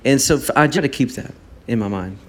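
A middle-aged man with a drawl chats as a guest in an interview. He tells his stories loosely and often laughs at himself, in a voice of ordinary middle pitch. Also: lively intonation, fairly quick, breathy edge. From Texas. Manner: laughing, self-deprecating storyteller. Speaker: worship leader guest. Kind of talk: interview chat.

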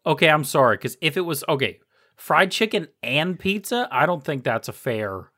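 A man's voice: a little high, moderate pace. A man co-hosting a stream, chatting casually and with enthusiasm. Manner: enthusiastic, excitable. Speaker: stream co-host. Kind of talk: casual chat.

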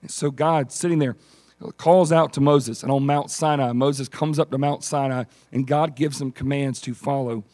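A man preaching a sermon and telling stories in an animated way, acting out the characters. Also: medium pitch, normal speed. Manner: animated storytelling, acts out characters. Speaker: pastor.

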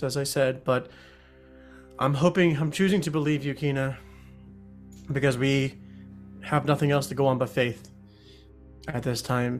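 Male podcast host, playful and halting, mid-pitched, plays an investigator character. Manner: playful, hesitant restarts. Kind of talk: in-character tabletop play.

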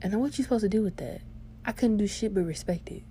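A young woman podcast host telling a funny story in casual, slangy, profane chat, animated and laughing as she goes. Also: mid-range voice, fast, slight background noise.

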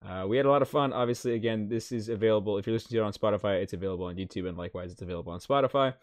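A man's voice: fairly low pitch, very fast. A man hosting a casual podcast and wrapping up the episode, rambling and repeating words as he talks. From Canada. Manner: rambling, repeats words while closing the show. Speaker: podcast host.

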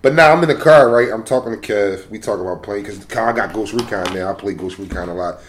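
A man co-hosting a casual podcast, telling a profane, animated story about a phone call. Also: on the low side, fast talker, a little hiss or hum. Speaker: podcast co-host.

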